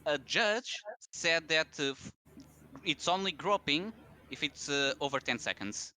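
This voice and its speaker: Man, tabletop player, hesitant casual talk, very bright tone, higher voice. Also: expressive, measured pace, slight background noise. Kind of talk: casual chat at a tabletop game.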